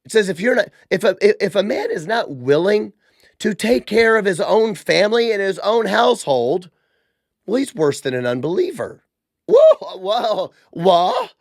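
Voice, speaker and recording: Podcast host, male: high pitch, gravelly texture, animated and sarcastic. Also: normal speed, no echo, clean studio sound. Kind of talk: casual religious commentary.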